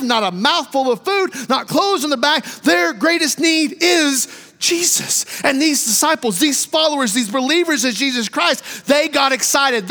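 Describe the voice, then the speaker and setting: A man preaching a sermon in a church, fervent, rising to shouts and then dropping low. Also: in a large hall. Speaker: pastor. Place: church sanctuary.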